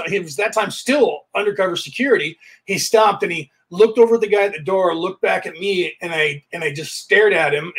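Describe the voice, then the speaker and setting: A man's voice: sits high, husky. A man hosting a podcast, telling casual anecdotes and re-enacting the dialogue as he goes. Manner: animated, re-enacts dialogue while telling stories. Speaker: podcast host.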